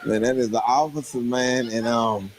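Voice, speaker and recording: A man telling a comic story, laughing as he goes and jumping into loud voices for the people in it. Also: moderate pace, noisy background. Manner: animated, laughing through the story, jumps into loud high voices for other people. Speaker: storyteller on a livestream show.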